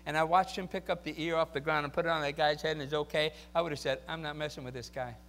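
A man preaching a sermon, moving from quiet talk to loud shouting peaks and acting out quoted voices. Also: a little high, fairly even intonation, fast, a little hiss or hum. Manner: acts out quoted voices and asks the crowd for replies.

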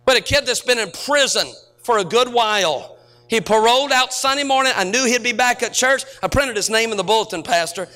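A middle-aged man preaching as a pastor, telling stories to his congregation and rising to shouted peaks. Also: very high-pitched, lively intonation, a little fast. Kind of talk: sermon.

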